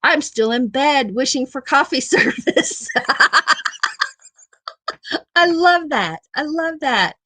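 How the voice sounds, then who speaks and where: Slow-talking woman live-stream host. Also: high voice, animated, a bit bright, no echo. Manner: laughs often, repeats phrases, affectionate. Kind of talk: casual live-stream chat reading comments.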